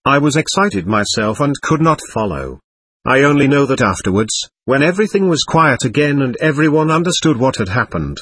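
Husky man narrating a classic novel. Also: medium pitch, fairly bright tone, dry recording. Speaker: audiobook narrator. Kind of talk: scripted narration.

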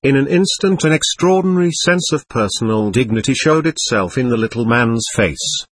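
A man narrating a classic novel as an audiobook, with expressive storytelling. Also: medium pitch, normal speed, slightly rough, no echo.

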